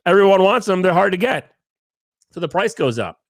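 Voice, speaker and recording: A man's voice: sits high, sing-song, brisk, no echo, studio quality. A man hosting his own podcast, telling a story in a rambling, jokey, self-deprecating way. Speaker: podcast host. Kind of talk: casual solo podcast storytelling.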